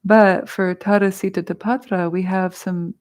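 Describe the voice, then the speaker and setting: A woman's voice: mid-range voice, fairly even intonation, a little slow, a little mellow. A middle-aged woman leading a mantra class, explaining with casual humor and easy laughter. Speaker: meditation teacher. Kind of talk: guided mantra teaching. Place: studio.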